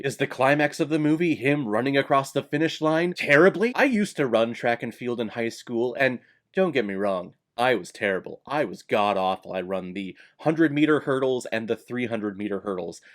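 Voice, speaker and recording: A man's voice: mid-range voice, animated, normal speed. A man giving a casual vlog movie review in a sarcastic, blunt and exasperated way.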